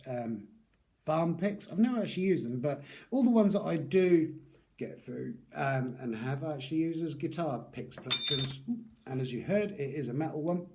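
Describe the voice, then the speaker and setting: A man's voice: on the high side, a little mellow. A man casually reviewing beard products in a rambling, chatty vlog with lots of fillers.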